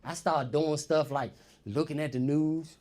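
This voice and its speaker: A man performing stand-up comedy on stage, telling a story in an animated way and talking straight to the audience as y'all. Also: fairly high pitch, measured pace.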